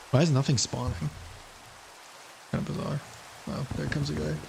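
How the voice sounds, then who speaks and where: A man's voice: medium pitch, vocal fry, a little mellow, a little hiss or hum. A man streaming a game, chatting casually, rambling and giggling as he trails off. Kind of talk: casual gaming commentary.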